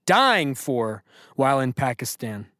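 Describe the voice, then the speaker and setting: A man's voice: medium pitch, big pitch swings, unhurried, bright, forceful tone, no room sound, studio quality. A man hosting a podcast trivia quiz, reading questions to callers and hyping them up with playful banter. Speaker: podcast host and quizmaster.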